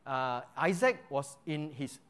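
A man's voice: on the high side, lively intonation, slow, fairly bright tone. A man teaching an interactive Bible lesson. He quizzes his listeners with frequent checks like "right?" and repeats key phrases for emphasis.

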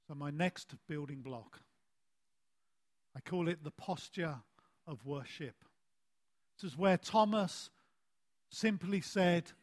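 Male preacher, high voice, unhurried sermon delivery; stresses key words and lets phrase endings drop soft, lifts his voice when he tells a story. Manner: deliberate, with emphatic phrase endings that fall soft; animated storytelling with a rising voice.

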